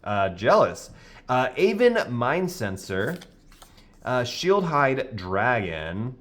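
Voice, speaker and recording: Casual male co-host, slow and hesitant, pitch rising and falling a lot. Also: big pitch swings, a bit bright. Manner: slow, hesitant reading of card names with many "uh"s. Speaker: co-host opening card packs. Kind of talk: casual card opening chat.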